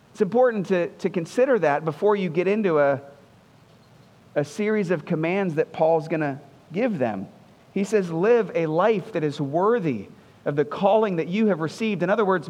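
A man's voice: sits high, a little mellow, long reverb tail. A man preaching a sermon as a pastor, talking in a conversational, earnest way and repeating phrases for emphasis.

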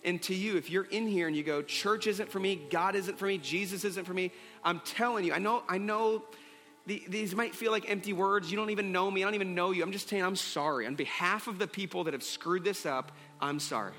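A male pastor delivers an earnest sermon in a high, bright voice. He repeats key phrases to drive them home. The sound carries a long hall reverb with faint music underneath. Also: a little fast.

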